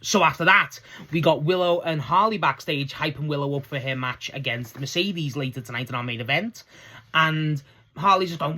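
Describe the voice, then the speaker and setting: A man with a slightly raised voice talks through a wrestling recap in a loose, rambling way, full of enthusiasm and casual swearing. The delivery is unscripted, with restarts and quick asides. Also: on the high side, lively intonation, pushed and bright. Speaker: wrestling show reviewer.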